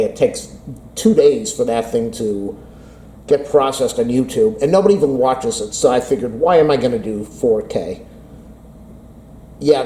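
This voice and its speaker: A man's voice: mid-range voice, mellow, a little hiss or hum, low-quality recording. A man vlogging about a phone update, rambling and self-deprecating as if talking to himself, recorded on a camera mic from across an indoor room. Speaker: tech vlogger. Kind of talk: rambling casual talk to camera.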